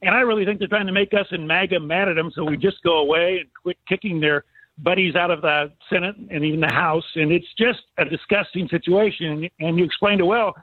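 A man's voice: sits high, fairly quick, slightly rough, no echo. A man on a phone line, complaining in an exasperated, repetitive way during a political call-in chat.

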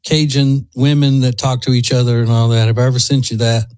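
A man's voice: mid-range voice, fairly even intonation, brisk, a little mellow, no room sound. A man co-hosting a talk show, chatting in a rambling, laid-back way. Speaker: radio show co-host. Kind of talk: casual chat.

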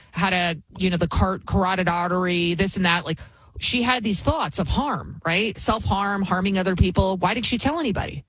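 A woman's voice: medium pitch, breathy edge, no room sound. A woman hosting her own commentary show, speaking with indignant emphasis and repeating phrases for effect. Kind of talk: opinionated commentary.

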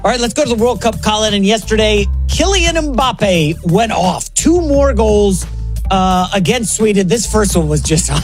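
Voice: mid-range voice, lively intonation, moderate pace, soft background music. Chatty sports show co-host. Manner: chatty, conversational, brings in topics. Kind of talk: casual sports talk.

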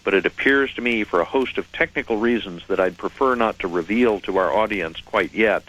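A man appearing as a guest on a radio show, explaining things in a measured, articulate and precise way. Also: fairly low pitch, a bit bright, rough recording. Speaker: radio guest, head of a UFO reporting center. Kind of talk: phone-in radio interview.

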